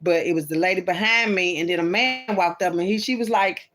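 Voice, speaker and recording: A woman's voice: on the low side, brisk, fairly bright tone. A woman in a rambling, casual monologue to her viewers. She calls them "y'all", "baby" and "boo", and often drops in "mm-mm" and "mm-hmm" asides.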